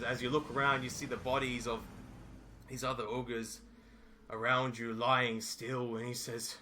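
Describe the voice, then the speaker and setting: A man narrating as game master, telling the story in a lively, improvised way. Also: mid-range voice, measured pace, a little hiss or hum.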